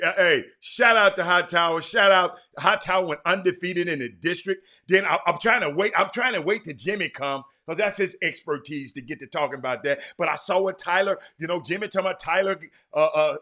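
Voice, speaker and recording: Bright-voiced man hosting a livestream. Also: sits high. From Houston, Texas. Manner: chatty, talks to viewers by name, frequent restarts. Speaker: livestream host. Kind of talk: casual livestream chat reading viewer comments.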